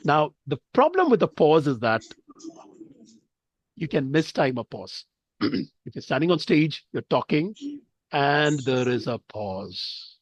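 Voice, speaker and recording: Man, from india, speech trainer, lively rising and falling voice, dry close sound, online class, explains with examples. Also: fairly high pitch, slow, long pauses, no room sound. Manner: animated, explains with examples and rhetorical checks.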